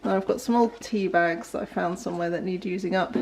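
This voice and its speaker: A young woman, chatting casually in a home kitchen while filming a relaxed day-in-the-life vlog, rambling with frequent ums and little laughs. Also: on the low side, quick pace, noisy background. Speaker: vlogger.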